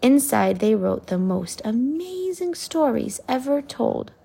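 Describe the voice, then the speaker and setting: Woman reading a bedtime picture book to a child; unhurried, husky, slightly high. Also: sing-song. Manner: slow, soft storytelling with whispered asides. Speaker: parent reading aloud.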